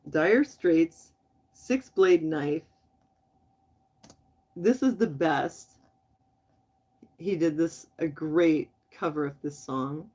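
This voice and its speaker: A woman's voice: deep voice, drawn-out words, pauses often, darkish tone. A woman hosting a casual late-night livestream, chatting loosely with viewers and laughing easily. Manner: chatty, talks straight to viewers in the chat; laughs often, loose and friendly. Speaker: livestream host.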